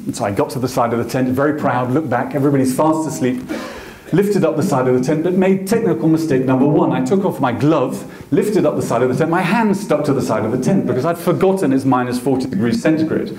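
A man telling a comic story on stage at a masterclass, self-mocking and animated, acting out the voices of the people he quotes. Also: medium pitch, quick pace. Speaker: photographer giving a masterclass talk. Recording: echoey hall.

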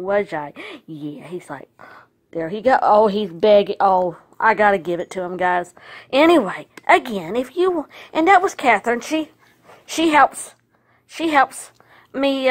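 Doting middle-aged woman vlogging at home. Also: medium pitch. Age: 50s. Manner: doting baby talk to her dog, laughing often. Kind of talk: casual home vlog.

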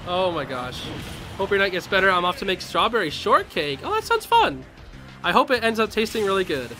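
A young man streaming a fighting game, reacting loudly with yelps, laughs and slangy trash talk. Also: sits high, very animated, normal speed, pauses often, over music. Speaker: gaming streamer. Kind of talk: live gameplay commentary.

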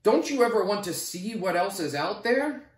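A man voicing Kansas, a bored, glum male state in a storybook, drawing his words out slowly, recorded with a roomy echo. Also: high-pitched, big pitch swings, voice pushed up. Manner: slow moping delivery.

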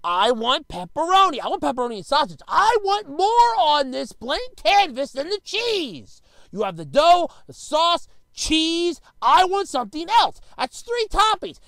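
A man's voice: extremely high pitch, a little slow, creaky, dry recording. A man on a comic rant, his voice leaping up and down as he exclaims and repeats himself for emphasis. The sound is close and dry, with no room around it. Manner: animated, exclamatory ranting with repetitions. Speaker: vlogger. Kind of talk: comedic rant.

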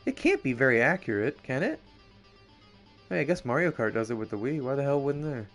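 A young man giving casual, profane live commentary on a racing game, excitable and often laughing. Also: mid-range voice, a little fast, faint music behind. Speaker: streamer.

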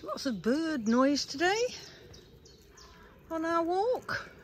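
A woman vlogging on a woodland walk, calling and praising her dogs in a sing-song way and musing quietly about the woods. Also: very high-pitched, sing-song, slow, a little hiss or hum. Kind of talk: casual outdoor vlog with dog commands. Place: woodland outdoors.

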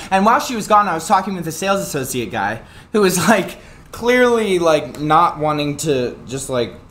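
A man streaming live, telling an angry story in a profane, animated rant with sudden loud outbursts and self-mocking asides. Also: on the high side, unhurried, a little hiss or hum.

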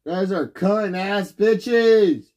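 A young man livestreaming, ranting and yelling insults at his chat, then dropping to low mutters. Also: slow. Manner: swings between shouting and low mutters. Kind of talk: casual livestream rant.

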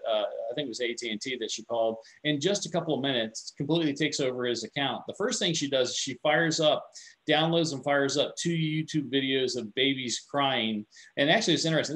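A man's voice: medium pitch, poor audio. Chatty male security presenter. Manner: conversational, repeats and restarts words, animated storytelling. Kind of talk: informal tech webinar lecture.

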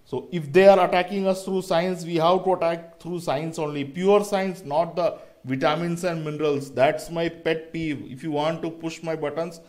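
A man's voice: a little high, fairly even intonation, normal speed, few pauses, a little mellow. A man with an Indian accent delivering a rambling, emphatic vlog monologue, often calling his listeners "guys.". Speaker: vlogger.

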